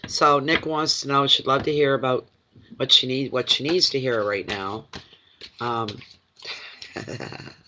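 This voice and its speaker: This live-streamed tarot reading comes from a man with a runny nose from a cold, chatty, rambling and emotional. He speaks unhurriedly at a medium pitch with fairly even intonation and frequent pauses, and the dull lo-fi stream audio is very noisy.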